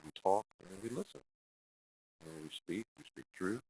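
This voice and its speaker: A man's voice: sits low, lively intonation, moderate pace, a little mellow, no room sound, rough recording. A male pastor teaching a church class in a direct, conversational way, acting out quoted speech in exaggerated voices. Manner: direct, conversational, with frequent restarts.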